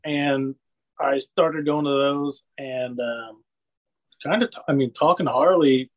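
A man's voice: mid-range voice, fairly even intonation, a little slow, low-quality recording. A man chatting casually, rambling through wrestling memories and laughing often. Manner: rambling storyteller, laughs often, says "you know what I mean". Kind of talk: casual chat.

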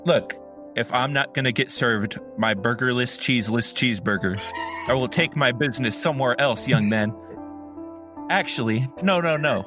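A man's voice: medium pitch, moderate pace, music in the background, close to an everyday voice. A man voicing an entitled, indignant middle-aged woman customer who talks in a huffy, demanding way.

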